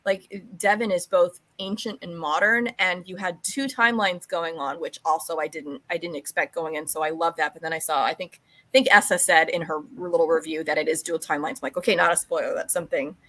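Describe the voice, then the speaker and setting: An American woman with a Californian accent, hosting a casual podcast chat, animated and acting out little quotes. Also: a little fast, hardly any pauses. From United States. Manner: animated, acts out quotes, swings high when excited.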